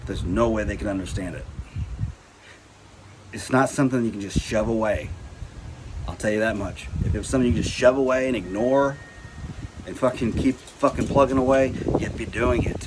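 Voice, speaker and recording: A man's voice: fairly low pitch, brisk. Guy venting in a vlog, cussing nonstop, lots of like and you know, noisy hiss behind him. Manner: profane, rambling, says "like" and "you know" constantly. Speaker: vlogger. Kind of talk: casual rant to camera.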